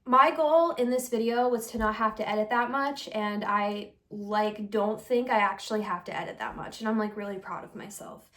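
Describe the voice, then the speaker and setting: A young tarot reader and channel host chats to camera at a moderate pace with few pauses. Her mid-range voice is fairly bright with fairly even intonation, and her casual vlog talk is earnest, confessional, rambling, and full of fillers and giggles.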